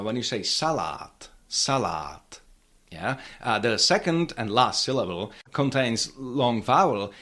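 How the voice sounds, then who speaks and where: A man's voice: mid-range voice, a bit bright. A man teaching pronunciation, explaining rules with many fillers and repeated example words. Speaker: language teacher.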